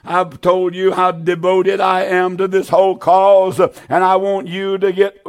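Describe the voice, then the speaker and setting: A man's voice: sits high, level tone, unhurried, clear, resonant tone. A man preaching a televised sermon, pleading fervently with his listeners and repeating his appeals over and over. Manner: fervent, pleading, repetitive exhortation.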